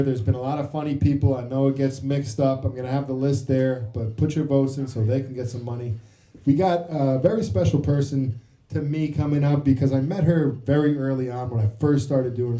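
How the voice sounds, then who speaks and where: Mellow-voiced man hosting a comedy show. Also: medium pitch. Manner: loose, casual, hyping the crowd. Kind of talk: introducing the next act. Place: comedy club stage. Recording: roomy club sound.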